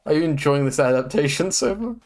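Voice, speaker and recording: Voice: mid-range voice, lively intonation, brisk, a little mellow. A streamer hosting a live watch-along, chatty and playful, who swears casually. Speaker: streamer host.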